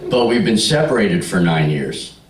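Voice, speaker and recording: A man's voice: on the low side, sing-song, normal speed. A stand-up comedian in his sixties, telling jokes and stories to a party crowd and talking back to them. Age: 60s. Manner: storytelling with punchlines, talks to the crowd. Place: party room with a live audience. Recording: roomy, mic heard from a distance.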